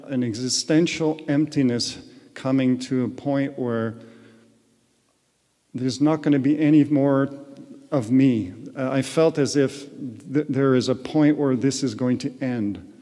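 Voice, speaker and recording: A man's voice: medium pitch, measured pace, warm tone. A man giving an earnest personal spiritual testimony as a guest speaker in a large retreat hall. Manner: earnest storytelling. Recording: long echo of a large hall.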